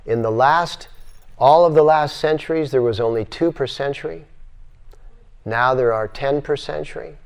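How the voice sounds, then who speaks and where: An older man giving a spiritual lecture to a class in a yoga center, animated and acting out voices as he repeats his phrases. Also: medium pitch, moderate pace, vocal fry, clear, resonant tone.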